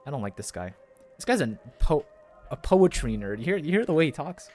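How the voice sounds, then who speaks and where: A man's voice: on the high side, very animated, a little fast, darkish tone. A man streaming a game for the first time, chatting casually and rambling with a self-deprecating humor. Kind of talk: casual commentary while gaming.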